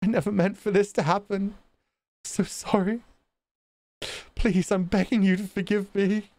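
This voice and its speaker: A man reading as a guilt-ridden, weak young man, narrating his own wrongs in a hushed, anguished tone. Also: high-pitched, steady tone, unhurried, big-room sound, voice pushed up. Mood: pleading. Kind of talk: visual novel read-aloud.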